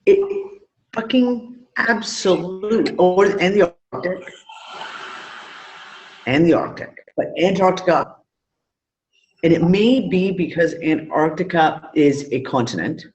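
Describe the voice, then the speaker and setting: Higher-voiced man on lo-fi call audio. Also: animated, slow, pauses often. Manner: loose, swearing, trailing off mid-thought. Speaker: podcast co-host. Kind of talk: casual live show chat.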